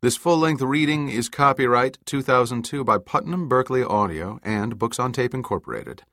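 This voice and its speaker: A man narrating a novel as an audiobook reader, in a measured, even storytelling manner. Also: medium pitch, dry recording, studio quality. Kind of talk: scripted narration.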